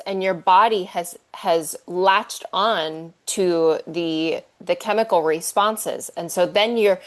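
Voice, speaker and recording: A woman with a low-pitched voice, talking on a podcast. She explains her points in an animated, chatty way and laughs now and then. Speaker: therapeutic theatre practitioner, podcast guest. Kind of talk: casual podcast chat.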